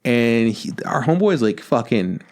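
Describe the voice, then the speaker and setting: A man co-hosting a podcast, retelling a film's plot in a loose, animated, profanity-laced way and acting out the characters' lines. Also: mid-range voice, moderate pace. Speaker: podcast co-host. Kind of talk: casual podcast chat recapping a film.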